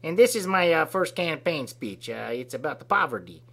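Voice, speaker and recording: Man doing a blustering Frenchman, French accent, bright and sharp, offhand crude speechmaking. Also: a little high, big pitch swings, moderate pace, gravelly, voice pushed up, full character voice. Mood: mock solemn. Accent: French, put on.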